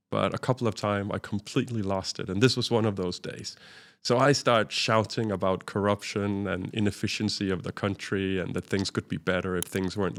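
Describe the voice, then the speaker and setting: A man, a guest in an interview, telling a vivid travel anecdote and acting out the dialogue he quotes. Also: lowish voice. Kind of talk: storytelling in a conversational interview.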